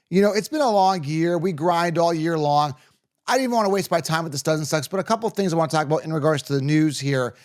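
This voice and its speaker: A man with a slightly raised pitch hosts a fantasy football show in a casual, straight-talking way. He gives blunt, opinionated takes to his viewers. He keeps checking in with "okay?" and "right?" as he goes. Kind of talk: casual sports commentary to camera.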